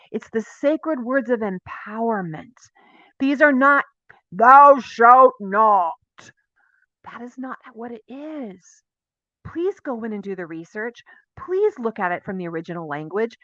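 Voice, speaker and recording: A woman teaching a Torah portion in a casual, animated way, acting out dialogue and asking her listeners questions. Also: mid-range voice, no room sound. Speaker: Bible teacher. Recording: dry, dull lo-fi sound.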